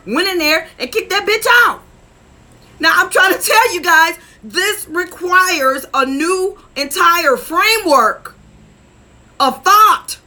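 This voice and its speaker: A woman relationship coach talking straight to her viewers in a preachy, animated way, laughing often and calling them y'all. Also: very high-pitched. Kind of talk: casual direct-to-camera talk.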